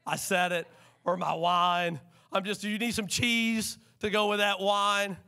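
Animated preacher, high voice. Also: male voice, a little slow, gravelly. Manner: animated preacher, calls for congregation responses. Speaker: pastor. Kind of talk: sermon. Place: church sanctuary.

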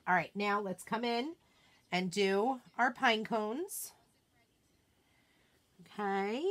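A woman hosting a live craft demonstration, chatting casually and excitedly, often murmuring quietly to herself as she works. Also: medium pitch, takes it slowly, pauses often. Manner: bubbly, chatty, self-deprecating, often drops to a murmur while working. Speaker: craft livestream host.

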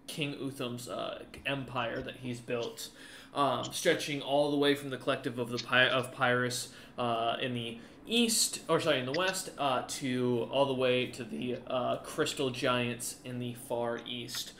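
A man's voice: mid-range voice, fairly even intonation, unhurried, fairly bright tone, echoey room, a little hiss or hum. A man narrating as game master, rambling along with many fillers and self-corrections.

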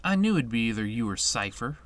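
A man reading the lines of a cheerful, probing young female instructor in a raised, lively voice, during a game playthrough. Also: medium pitch, fairly quick, close to an everyday voice. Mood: cheerful teasing. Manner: reads the on-screen dialogue aloud in a raised, lively voice.

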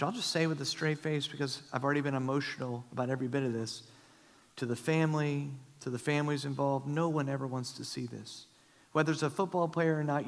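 Middle-aged male pastor, gravelly and fairly high-voiced, preaching with big swings in volume; long church reverb. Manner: impassioned, swings from loud high emphasis to hushed near-whispers. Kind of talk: sermon. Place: church sanctuary.

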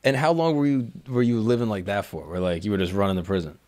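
Low-voiced male interviewer. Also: quick pace, darkish tone. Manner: brief, curious questions. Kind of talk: interview questions.

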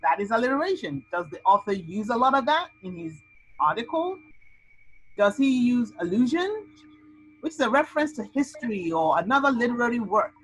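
A woman tutor teaching an SAT lesson over a video call, explaining with lively, animated delivery. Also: fairly high pitch, fairly quick, slightly rough, no room sound, low-quality recording. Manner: lively, animated explaining with sound-word outbursts.

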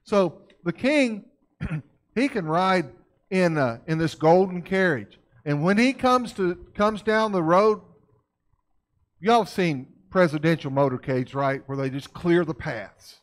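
A man's voice: sits high, lively intonation, takes it slowly. A man giving a conversational church lecture in a folksy way, constantly checking in with his listeners with questions. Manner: folksy, keeps asking the audience questions.

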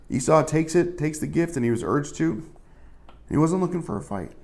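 A man's voice: fairly high pitch, lively intonation, moderate pace, gravelly, a little mellow. A male pastor giving a casual, conversational sermon, full of asides and fillers.

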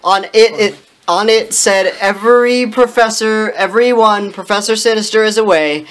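A woman's voice: medium pitch, moderate pace. A woman doing a comedic reading of a badly written fan fiction, stumbling over misspelled words and laughing. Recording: faint background noise.

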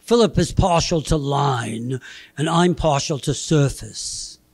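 A man's voice: a little high, slow pace, a little mellow, breathy edge. An elderly man imitating a pompous, stammering older male scholar with a put-on Boston accent. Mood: affected. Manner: stammering, affected.

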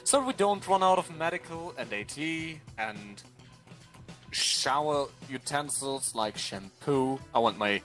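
A man's voice: mid-range voice, takes it slowly. A man from Germany with a German accent, chatting casually and swearing while playing a military game online. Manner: swearing, laughing, excitable. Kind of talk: casual gaming chat. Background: game music.

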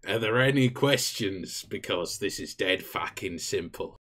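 A man's voice: sits low, lively intonation, measured pace, noisy background. A man voicing a crude, swaggering male squad commander with a put-on Australian accent, giving a mission briefing. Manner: blunt, crude, barking orders.

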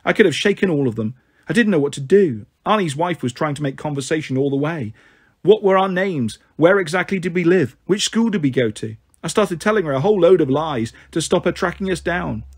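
Male storyteller, husky tone, pitched a touch high, voices the characters. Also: animated, a little fast. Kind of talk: reading a children's novel aloud.

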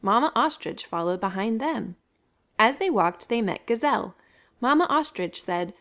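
Animated woman reading to children. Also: fairly high pitch, normal speed. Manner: bright, animated, addresses children. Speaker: library storyteller. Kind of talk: children's story time reading.

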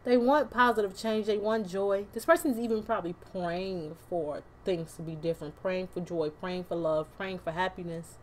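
A woman's voice: on the low side, moderate pace, hardly any pauses, slight background noise. A woman doing a casual tarot reading to camera, chatty and loose, with slang, swearing and laughing asides. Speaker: tarot card reader.

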